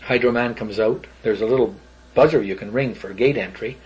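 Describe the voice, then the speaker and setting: An older man with a husky voice at a middling pitch, rambling through a long memory in an animated way. The tape sounds dull and lo-fi, like an old interview recording. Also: a little fast. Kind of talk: recounting an old story.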